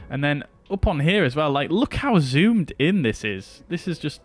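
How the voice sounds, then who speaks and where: A man's voice: on the high side, very animated, normal speed, faint music behind. A man streaming a flight simulator, chatting casually with his viewers as he flies. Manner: chatty, talks to chat while flying. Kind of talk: casual live-stream commentary.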